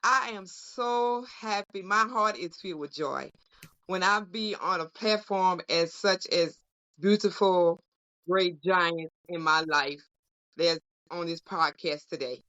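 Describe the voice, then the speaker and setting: A woman's voice: fairly low pitch, slow pace, sharp tone, clean tone. A woman giving heartfelt closing remarks on a podcast panel, repeating phrases in a preacher-like way. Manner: emotional, preacher-like repetition. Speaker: co-host representing a union caucus. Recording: dull lo-fi audio.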